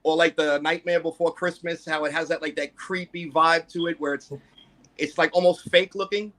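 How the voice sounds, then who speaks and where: A man's voice: a little high, steady tone, normal speed, a bit bright. A man guest telling a personal story in a rambling way, full of fillers and restarts.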